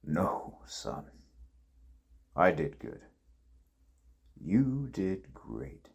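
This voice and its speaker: A man voicing God as a calm, solemn old male deity with a husky, gravelly voice, in an amateur comedy sketch. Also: deep voice, full character voice. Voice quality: gravelly, husky, slow and measured.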